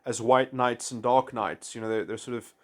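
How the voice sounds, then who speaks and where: Halting, rambling man musing aloud. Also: mid-range voice, steady tone. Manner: halting, full of restarts and "you know". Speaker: video essayist. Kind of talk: rambling philosophical monologue.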